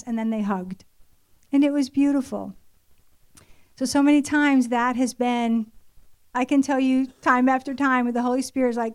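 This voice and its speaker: A woman's voice: on the high side, steady tone, normal speed, darkish tone. An older woman giving a sermon-style testimony, earnest and confessional, telling a family story in a casual way with many fillers. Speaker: church speaker.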